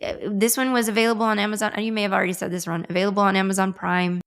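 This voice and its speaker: A woman's voice: mid-range voice, level tone, very fast, clean tone. A woman hosting a horror podcast, talking casually in a rambling way with restarts and laughs. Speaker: podcast host. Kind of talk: casual chat.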